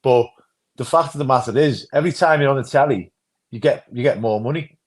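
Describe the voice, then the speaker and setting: A man's voice: mid-range voice, fairly quick, husky. A man co-hosting a fan channel's football chat, rambling and often asking "you know what I mean".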